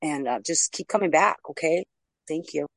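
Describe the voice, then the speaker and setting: A woman's voice: low-pitched, moderate pace, no room sound, rough recording. A woman from the United States speaking at a recovery meeting over a video call, earnest and supportive, laughing easily. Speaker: meeting member.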